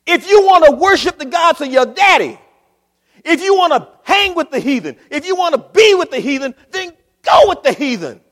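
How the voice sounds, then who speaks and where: A male pastor delivers a sermon, dropping into quiet asides and then rising to shouted preaching. His voice sits very high and moves a lot in pitch. It rings out with a long reverb. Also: very animated, moderate pace. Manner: swings from low asides to loud preaching shouts.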